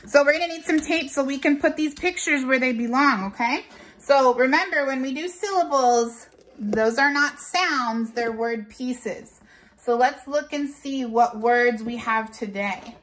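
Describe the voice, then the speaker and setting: Woman teacher, bright higher voice, unhurried and patient, repeats words for young learners. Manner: slow, clear, drawn-out classroom delivery; switches into Spanish for the date. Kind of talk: online class lesson.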